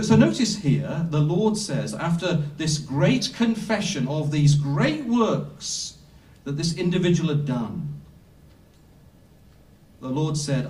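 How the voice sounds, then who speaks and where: Male preacher, emphatic sermon delivery with long pauses, slightly raised pitch, roomy distant sound. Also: darkish tone. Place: Bible school hall. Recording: echoey room, speaker off-mic.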